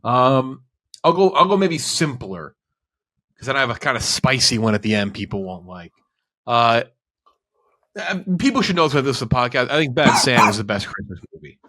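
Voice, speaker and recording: A man's voice: medium pitch, sing-song, moderate pace, bright, forceful tone. A man co-hosting a casual movie podcast, rambling and often restarting his sentences. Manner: rambling, self-correcting, laughs often. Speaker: podcast co-host.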